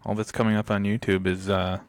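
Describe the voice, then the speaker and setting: A man's voice: lowish voice, level tone, a little fast, no echo. A man co-hosting a podcast in casual chat, rambling and chuckling often between thoughts. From United States. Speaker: podcast co-host.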